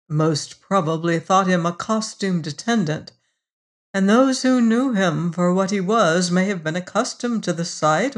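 A narrator reading a story aloud in a slow, measured storytelling manner. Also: mid-range voice. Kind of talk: audiobook reading.

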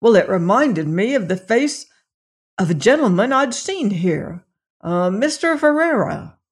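A narrator voicing a frightened male servant who speaks in a shaky, halting, anxious way in an audiobook mystery. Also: high-pitched, sing-song, husky, voice pushed up, exaggerated voice. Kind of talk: audiobook reading of a mystery novel.

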